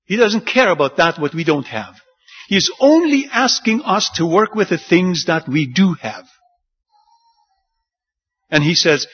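Animated preacher man, lively pitch. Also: a little slow, pauses often, breathy edge. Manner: animated, acts out the disciples' lines with rising pitch. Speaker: pastor. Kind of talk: sermon. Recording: dull lo-fi sound.

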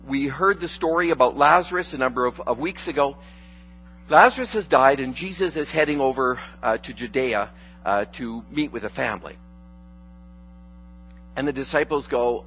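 A male pastor with a mid-range voice preaches at a moderate pace in a loose, conversational sermon, quipping along the way and stumbling through frequent fillers and restarts. The audio is dull and lo-fi, with faint background music.

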